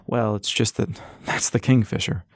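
A man's voice: on the low side, fairly even intonation, normal speed, dry recording, clean studio sound, lightly acted. A man voicing Old Harley, an eager, nervous older man in an audiobook.

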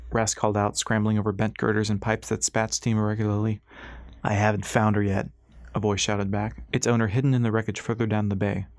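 Low-voiced male audiobook narrator. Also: flat delivery, fast, hardly any pauses, no room sound, clean studio sound. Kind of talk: scripted narration.

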